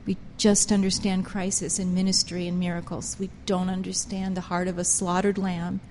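A woman's voice: fairly low pitch, level tone, moderate pace, slight background noise. Woman preacher, fervent and emphatic, echo hanging in a big hall. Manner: impassioned, emphatic, rises and drops sharply in loudness. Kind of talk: sermon.

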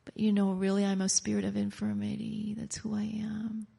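Defeated, self-pitying believer, played by a woman; quiet, resigned and half-whispered. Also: medium pitch, little pitch movement, a little slow, vocal fry. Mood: resigned, mopey. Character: mopey defeated believer, woman, wallowing in hopelessness.

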